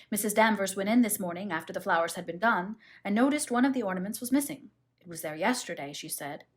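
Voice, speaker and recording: A woman's voice: medium pitch, lightly acted. A woman reading the lines of a formal, deferential male butler in an audiobook, in a stiff and solemn manner.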